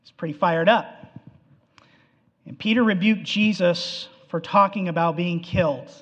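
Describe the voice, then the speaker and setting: A man preaching a sermon, animated and acting out the quotes, in an echoey hall on a dull, lo-fi recording. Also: sits high, measured pace.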